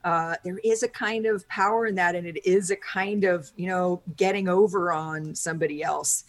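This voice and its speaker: Speaking at a normal speed, this woman has a fairly low pitch and fairly even intonation. As an interview guest who teaches about personality types, she explains ideas thoughtfully in a relaxed, chatty conversation, full of fillers and ready laughter.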